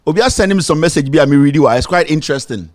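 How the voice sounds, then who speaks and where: A Ghanaian man delivers opinionated political commentary as a show host. His voice sits high and moves animatedly up and down. He speaks emphatically and stretches out his exclamations. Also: lively intonation, very fast, a little mellow, no echo, studio quality.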